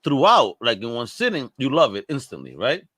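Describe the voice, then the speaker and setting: A relaxed man co-hosts a casual chat show. He talks in slang and swears without thinking about it. His voice is mid-pitched, and it is recorded dry and close to the mic. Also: brisk, dry recording. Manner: laid-back, slangy, swears freely. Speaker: co-host. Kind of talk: casual pop-culture chat.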